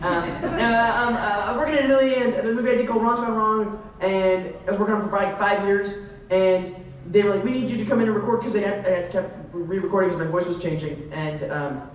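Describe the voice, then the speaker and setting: A young man on a convention panel, telling rambling, excitable stories full of tangents and laughter. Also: sits high, distant mic, slight background noise. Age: young adult. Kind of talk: rambling anecdotal Q&A. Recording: echoey hall, mic heard from afar.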